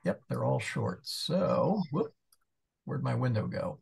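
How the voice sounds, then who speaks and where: A male Latin teacher in an easygoing class, who talks unhurriedly and thinks aloud while hunting for answers. His voice is gravelly and a little husky. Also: medium pitch, expressive, unhurried, darkish tone. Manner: thinks aloud, mumbling asides while searching. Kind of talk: casual online class. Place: church parish class over video call.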